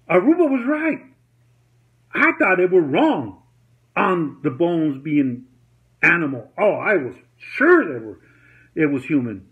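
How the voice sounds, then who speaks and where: A man's voice: a little high, fairly bright tone. A man delivering an angry personal rant to camera, repeating himself, swearing and retelling what others said. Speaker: vlogger. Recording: dull lo-fi audio.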